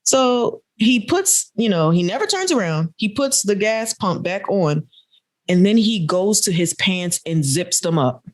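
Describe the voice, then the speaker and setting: A woman's voice: mid-range voice, lively intonation, unhurried. A woman co-hosting a podcast, telling a story in casual chat and laughing often. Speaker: podcast co-host.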